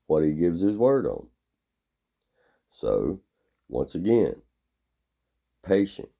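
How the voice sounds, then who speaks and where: A man giving a blunt, gruff, rambling opinion monologue. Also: deep voice, mellow.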